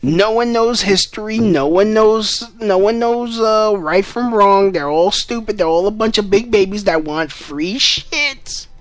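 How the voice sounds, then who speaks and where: A man's voice: high voice, measured pace, hardly any pauses. A man delivering an angry political rant to camera in a profane, sarcastic and emphatic way. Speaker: political vlogger.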